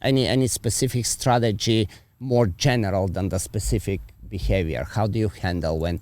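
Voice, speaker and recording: A man hosting a podcast, asking questions in halting restarts. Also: on the low side, darkish tone. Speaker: podcast host. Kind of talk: casual podcast conversation.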